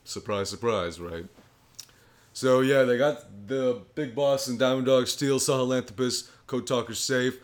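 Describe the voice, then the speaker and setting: A man co-hosting a podcast, with a low voice, recapping a story in a rambling, profane casual chat. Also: a little slow. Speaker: podcast co-host.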